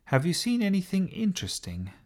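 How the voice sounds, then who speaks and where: A man's voice: high-pitched, huge pitch swings, fairly quick, voice pushed up. A man voicing a friendly mother in a children's story, asking interested questions. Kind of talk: storybook character voice.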